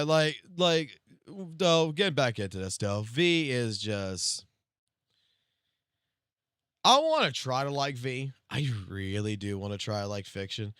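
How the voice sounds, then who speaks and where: A young man with a South Louisiana Cajun accent rants on a live stream, loud, emphatic and full of swearing. His voice is bright and animated, leaping up and down in pitch. The sound is dry and close. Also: no echo. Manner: loud, emphatic and profane, swinging between loud and low-key. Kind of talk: casual stream rant.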